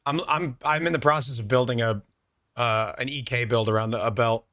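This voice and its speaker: Bright-voiced male gaming streamer. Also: medium pitch, steady tone, moderate pace, no room sound, clean studio sound. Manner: chatty, reads out and answers chat, laid-back. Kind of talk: casual chat with viewers while gaming.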